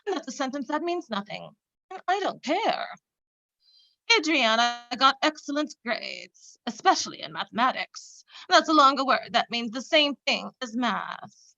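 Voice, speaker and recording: An actress playing a vain, self-absorbed radio show host in a comedic parody monologue, boastful and melodramatic, on a dull lo-fi home recording. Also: female voice, high voice, lively intonation, normal speed, creaky, pushed and bright, no echo, exaggerated voice. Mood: self-important. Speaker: comic actor.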